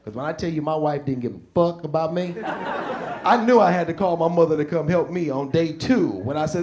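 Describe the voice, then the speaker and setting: A man doing a stand-up comedy set on stage, talking in loose slang and shouting his punchlines. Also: fairly high pitch, animated, normal speed. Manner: casual slang, drawled asides. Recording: live stage mic with audience noise.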